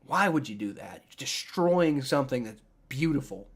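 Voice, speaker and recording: A man's voice: mid-range voice, lively intonation, moderate pace, husky. A young man casually reacting on a live stream, rambling with many restarts and frequent swearing. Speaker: streamer reacting to a sports draft.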